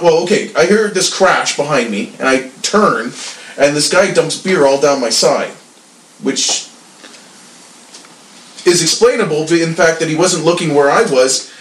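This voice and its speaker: A man in casual chat, telling stories in an animated way and swearing often. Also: fairly high pitch, moderate pace, echoey room, recorded from a distance, rough recording. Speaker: co-host telling bar stories.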